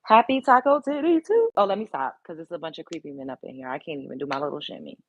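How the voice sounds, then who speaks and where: A woman's voice: low-pitched, racing, vocal fry, breathy edge, dull audio. A woman hosting a casual live stream, chatting bluntly with viewers and swearing freely. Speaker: livestream host. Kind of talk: casual live-stream chat reading comments.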